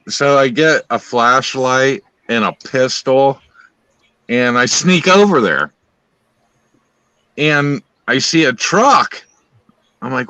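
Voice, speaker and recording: A man's voice: mid-range voice, animated, takes it slowly, sharp tone, clean tone, no echo, rough recording. A man telling a wild personal story on a live stream, rambling and swearing constantly as he relives it. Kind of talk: casual profane storytelling.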